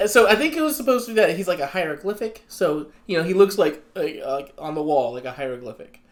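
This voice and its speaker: Animated young man in casual chat. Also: fairly high pitch, fast talker. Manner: animated, acts out quotes, many fillers. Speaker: podcast co-host.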